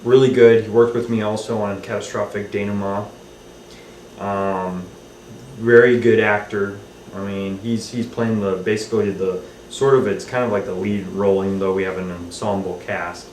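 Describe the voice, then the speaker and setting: Brief: male director, lowish voice, easygoing and rambling, recorded at a distance in an echoey room. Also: fairly even intonation, moderate pace, darkish tone. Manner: rambling, many ums and restarts. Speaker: film director. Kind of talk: casual behind-the-scenes recollection. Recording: roomy, off-mic, faint hiss.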